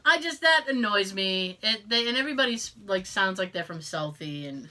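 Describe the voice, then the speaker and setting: Speaking at a medium pitch with lively intonation, a moderate pace, and few pauses, her voice comes across pushed and bright. A Boston-area podcast co-host with the local accent, she chats casually, swears a lot, laughs often, and uses mock voices in quotes.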